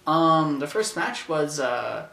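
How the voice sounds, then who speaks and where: A man hosting a casual review, rambling and hesitant with many fillers and restarts, breaking into loud shouted impressions as he retells the action. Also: fairly high pitch, expressive, slow pace, creaky. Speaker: show host reviewing a wrestling event. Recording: roomy, distant from the mic, faint noise.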